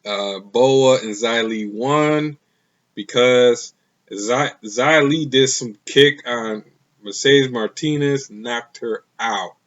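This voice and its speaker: A man's voice: medium pitch, takes it slowly, a bit bright, highs cut off. A man casually reviewing a wrestling show, rambling and opinionated, with many fillers.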